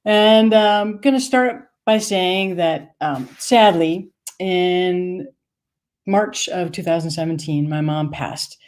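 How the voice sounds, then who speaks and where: A woman's voice: fairly low pitch, slow, darkish tone. A woman from Maine telling an earnest personal story for a streamed storytelling show. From Maine, USA. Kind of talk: personal story told live. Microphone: streamed from home.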